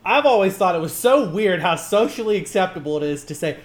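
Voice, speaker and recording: A man chatting casually as a podcast co-host, joking and animated, jumping up in pitch for emphasis. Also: a little fast. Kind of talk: casual chat.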